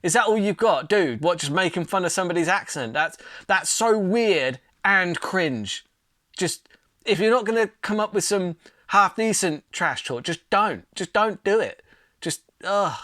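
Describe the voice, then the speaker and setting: Guy ranting on his solo podcast, kinda high bright voice, dry close sound. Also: lively intonation, unhurried, no room sound. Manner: opinionated, ranting, exasperated; casual and blunt with mild swearing. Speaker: podcast host. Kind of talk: solo commentary on mixed martial arts.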